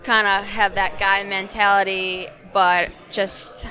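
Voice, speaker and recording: A woman's voice: mid-range voice, flat delivery, takes it slowly, pushed and bright. A young woman in her twenties from Chicago, a guest in a casual interview, talking bluntly and confidently. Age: 20s.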